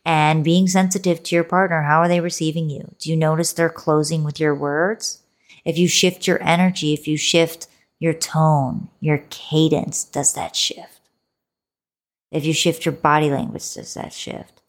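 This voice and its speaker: A woman hosting a solo relationship podcast, giving motivational advice in a playful, coaxing way, calling the listener baby and sometimes dropping to a soft whisper. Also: low voice, level tone, moderate pace.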